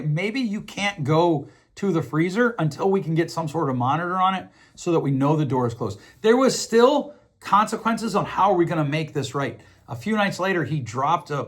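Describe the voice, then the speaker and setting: A middle-aged man with a husky, fairly high voice hosts a podcast, reflecting earnestly on relationship advice. He keeps restarting his sentences and repeating himself.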